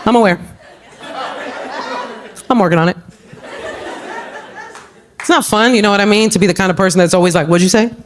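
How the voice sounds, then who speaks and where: A woman comedian performing a stand-up set on a club stage, animated and jumping into exaggerated voices for the people she quotes. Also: brisk, long pauses, a crowd in the background. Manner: animated, acts out quoted voices with big pitch jumps. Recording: live club recording, audience laughter and room noise. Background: audience laughter.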